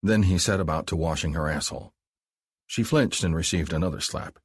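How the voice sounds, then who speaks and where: Deep husky male audiobook narrator. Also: a little fast, no echo, clean studio sound. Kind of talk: scripted narration.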